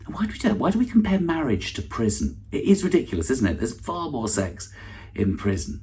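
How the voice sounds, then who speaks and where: A man's voice: mid-range voice, big pitch swings, brisk, a little mellow, slight background noise. A middle-aged man hosting an online awards ceremony with a dry, self-deprecating stand-up monologue, full of false starts and asides. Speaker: awards host and comedian.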